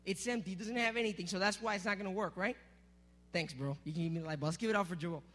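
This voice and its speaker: A man preaching to a youth group, energetic and teasing, calling out to the crowd. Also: high-pitched, quick pace. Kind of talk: sermon with object lesson.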